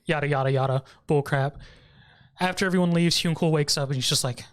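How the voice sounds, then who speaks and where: A man's voice: fairly high pitch, steady tone, a little fast. A man co-hosting a podcast, casually recapping an anime episode, laughing often and briefly mimicking the characters. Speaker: podcast co-host.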